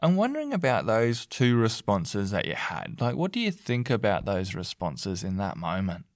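A man's voice: lowish voice, huge pitch swings, moderate pace, no echo, clean studio sound. A man speaking as a parenting counselor in a mock counseling session, earnest and coaxing, with lots of fillers and restarts.

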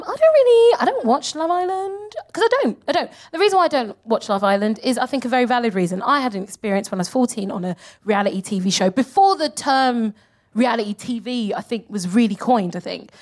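A high, bright-toned woman in her thirties riffs on stage as a comedy co-host. Her voice leaps all over the place as she swears freely and drops into quick mocking impressions. Her delivery is loose and animated. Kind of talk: live comedy podcast stand-up chat. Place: live stage before an audience.

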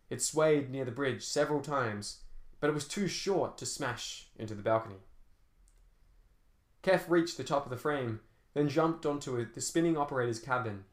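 Male narrator, action audiobook, dramatic delivery, mid pitch, roomy echo. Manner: dramatic action storytelling with shifting pace.

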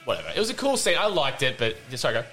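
A man co-hosting a casual podcast about a film, excitable, swearing and laughing often. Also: medium pitch, racing, faint music behind. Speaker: podcast co-host. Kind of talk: casual film-review chat.

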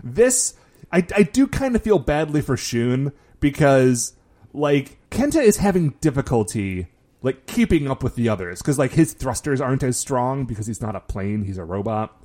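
Man co-host, casual recap, expressive rising and falling delivery. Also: mid-range voice, moderate pace. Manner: animated, acts out quotes, many "like" fillers. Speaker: podcast co-host. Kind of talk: casual chat recapping a show.

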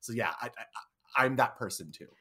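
A podcast co-host in casual chat, excitable, with quick bursts and big reactions. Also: medium pitch, husky.

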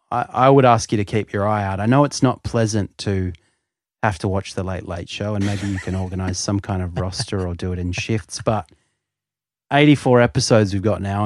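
A man with a low voice speaks in a wry, deadpan way as a podcast co-host. His delivery is dry, and the sound is close with no room around it. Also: no room sound. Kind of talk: casual chat.

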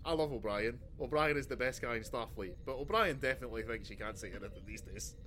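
Rambling man, bright voice. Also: mid-range voice, lively intonation, quick pace, slight background noise. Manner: rambling, sweary, full of restarts and tangents. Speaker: podcast co-host. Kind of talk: casual chat.

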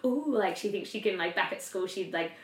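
A woman's voice: medium pitch, fairly quick. A young woman, casually telling a story as a podcast co-host, full of fillers and swearing. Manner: chatty, filler-heavy, swears freely. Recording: roomy echo.

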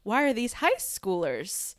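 A woman hosting a podcast with a lively, swooping voice that is smooth and clear. She talks in a playful, theatrical way, recorded dry and close. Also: mid-range voice, a little slow, no room sound. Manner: playful, theatrical, calls people honey. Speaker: podcast host. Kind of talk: casual chat.

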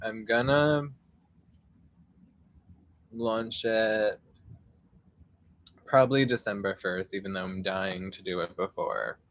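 A man's voice: on the low side, flat delivery, takes it slowly, long pauses, fairly bright tone. A young man hosting a casual live podcast outdoors, rambling with many fillers and casual swearing. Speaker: podcast host.

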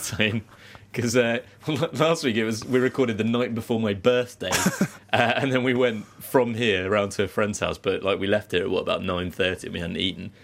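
A man co-hosting a podcast in casual chat, chatty and quick to laugh, often slipping into silly put-on accents. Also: mid-range voice, vocal fry, fairly bright tone. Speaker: podcast co-host.

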